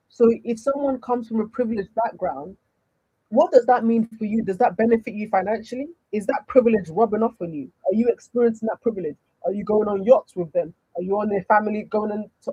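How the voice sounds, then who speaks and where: A woman's voice: medium pitch, warm tone, slightly rough, dry recording, dull audio. A woman with a Nigerian accent, a dating coach answering chat questions on a livestream, emphatic and full of rhetorical questions.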